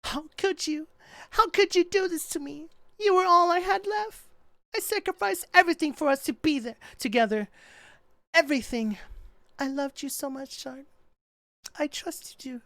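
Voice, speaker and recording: A woman's voice: high voice, moderate pace, long pauses, fairly bright tone, no echo. A woman voicing an obsessive, lovesick schoolgirl club president who talks sweetly and pleads when wounded, over game music. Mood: heartbroken.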